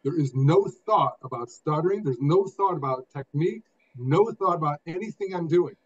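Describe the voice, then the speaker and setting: A man's voice: fairly high pitch, normal speed, slightly rough. Older man telling his story with emphasis. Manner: expressive, emphatic, speaks phrase by phrase. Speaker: guest. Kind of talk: conversational storytelling. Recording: dull lo-fi sound.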